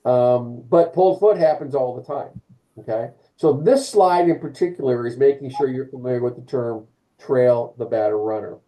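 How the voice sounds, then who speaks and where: A man teaching umpires in a live training session, lively, often restarting phrases and acting out calls. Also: mid-range voice, normal speed, low-quality recording. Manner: animated, acts out calls and quotes. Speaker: umpire clinic instructor.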